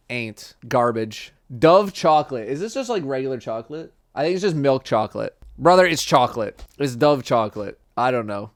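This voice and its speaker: A man streaming casual chat, blunt and profane, dropping to flat mumbles and jumping to loud outbursts. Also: medium pitch, normal speed, few pauses.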